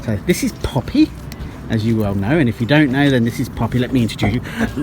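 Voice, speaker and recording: A man's voice: medium pitch, lively intonation, fast, noisy background. A man vlogging casually on a narrowboat, rambling and jokey with lots of fillers. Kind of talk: casual vlog chat.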